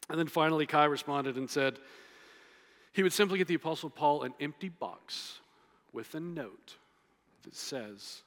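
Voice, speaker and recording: A man's voice: fairly high pitch, moderate pace, a bit bright. A man, a pastor preaching a conversational sermon with playful humor and emphatic repetition. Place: church sanctuary. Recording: long reverb of a large hall.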